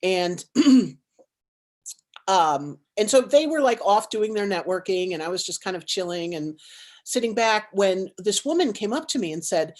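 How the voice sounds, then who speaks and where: A woman, co-founder and CEO of a nonprofit, telling a personal story on a panel in a lively, dramatic way full of likes and restarts. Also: lowish voice, normal speed.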